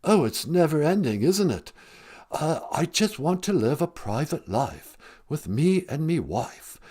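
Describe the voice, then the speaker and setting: A man's voice: fairly high pitch, very animated, a little slow, warm tone, breathy edge, voice pushed down, exaggerated voice. A man voicing a whiny, self-pitying young English prince in a put-on English accent. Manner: plaintive, whining.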